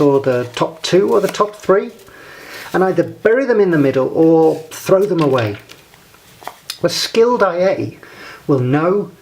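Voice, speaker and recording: Measured man giving a step-by-step lesson. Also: a little high, creaky, a little mellow. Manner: measured, deliberate, guiding the listener step by step. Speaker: presenter. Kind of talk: scripted instructional talk.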